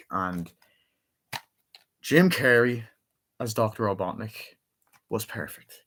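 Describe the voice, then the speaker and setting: A young man talks through a movie he clearly enjoyed, in a loose, rambling vlog delivery packed with fillers and curses. His voice sits a little low for a man. He keeps circling back to favourite scenes with eager energy. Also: bright, forceful tone. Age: young adult. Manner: rambling, full of fillers and swearing; enthusiastic retelling of scenes. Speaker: movie reviewer. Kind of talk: casual spoken movie review.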